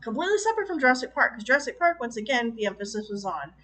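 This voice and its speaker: A woman reviewing a movie in a casual rant, exasperated and animated, acting out her own baffled reactions. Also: fairly high pitch, rapid-fire, poor audio.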